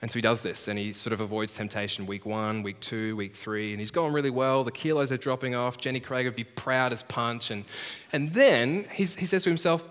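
A man's voice: mid-range voice, brisk, a bit bright, clean tone. A man preaching a conversational, self-deprecating sermon as pastor, acting out the voices he quotes. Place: large heritage church hall. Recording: long hall reverb.

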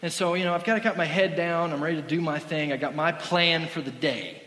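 Animated pastor telling stories in echoey hall. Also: male voice, a little high, a little fast. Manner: animated, self-deprecating storyteller. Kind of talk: sermon with comic storytelling.

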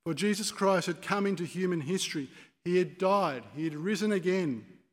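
Guy preaching in a church, fairly high voice, long echo around him, tells it like a story. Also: normal speed. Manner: storytelling, rising to forceful proclamation in quoted speeches. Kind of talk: sermon.

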